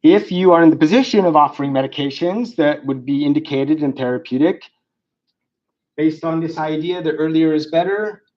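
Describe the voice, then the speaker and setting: A man with a somewhat high, darkish voice gives a clinical lecture on psychiatry at a moderate pace. He speaks conversationally, often using fillers and restarting sentences. The lecture recording is dull and lo-fi.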